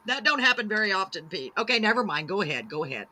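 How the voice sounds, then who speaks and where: A woman's voice: medium pitch, very animated, fast talker, heavy background noise. A woman hosting a live-streamed talk show, reading out viewer comments in a gushing, bubbly, self-deprecating way.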